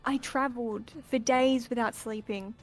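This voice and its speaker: A woman's voice: a little high, steady tone, moderate pace, soft background music, close to an everyday voice. A woman playing an earnest traveler who has searched for a lost friend, speaking urgently and pleadingly.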